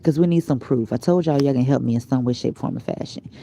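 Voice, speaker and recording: Woman, vlogger, casual rambling chat, tired, slips into whispers, very dark voice. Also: very deep voice, fast talker, slight background noise.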